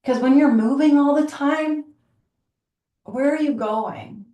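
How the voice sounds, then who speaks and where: Earnest woman teacher, chatty and warm-paced, recorded a bit off-mic in an echoey room. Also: sits high, slow pace. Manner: earnest, chatty, laughs often, many likes and you-knows. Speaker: yoga teacher and podcast host. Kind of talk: reflective casual talk. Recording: roomy, from a distance.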